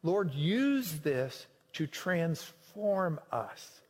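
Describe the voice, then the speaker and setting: A man preaching a sermon to a class, swinging between loud emphatic lines and quiet low ones. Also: sing-song, very slow. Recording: long hall reverb.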